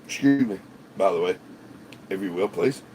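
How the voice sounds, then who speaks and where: A man's voice: sits low, lively intonation, moderate pace. A man hosting a livestream in casual, rambling chat, swearing freely and laughing often. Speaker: livestream host. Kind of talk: casual live-stream chat.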